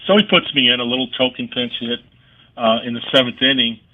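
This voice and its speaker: A man's voice: mid-range voice, brisk. A man from California, a guest on a radio interview, telling stories with animation and acting out the voices of the people he quotes. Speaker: guest, former ballplayer turned firefighter. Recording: phone-like radio line.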